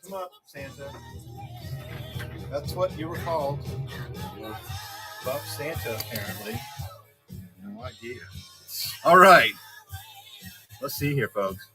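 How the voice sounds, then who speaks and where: A man hosting and running a comic livestream, brisk and directing the guests. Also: mid-range voice, expressive, bright, forceful tone, poor audio. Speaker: livestream producer host. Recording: faint music in the background. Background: faint music.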